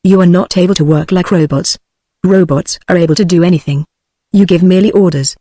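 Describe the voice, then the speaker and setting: A defiant male robot who wants to be master, read by a synthetic British woman's voice. His short declarations come out flat and blunt, in a dry, close sound. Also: fairly low pitch, a little fast, dry recording, natural voice. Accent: British English.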